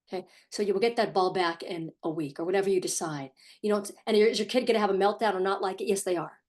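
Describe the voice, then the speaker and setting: A middle-aged parenting coach talks straight to the camera in a fast, mid-range, darkish voice. Her advice is firm and emphatic, and she often repeats herself.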